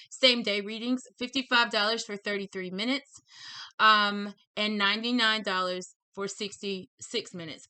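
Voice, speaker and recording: A woman's voice: on the low side, bright, forceful tone, no echo. Bubbly woman with a lisp. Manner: bubbly, effusive, repeats herself. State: slightly tongue-tied. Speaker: tarot reader and channel host. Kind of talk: chatty intro to a reading video.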